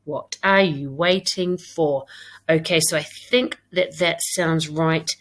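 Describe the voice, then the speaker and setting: Woman, British accent, primary teacher, recorded lesson for young pupils, step-by-step explanations, slightly low voice. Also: takes it slowly, fairly bright tone. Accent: British English. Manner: reads her own writing aloud, then talks it through step by step. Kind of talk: recorded online English lesson.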